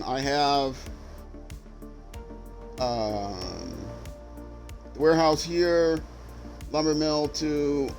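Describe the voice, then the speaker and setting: Here the middle-aged Minnesota-accented streamer has a medium-pitched, darkish voice. Worn out, he rambles through live commentary on his game, chatting along, mocking himself and fumbling his words.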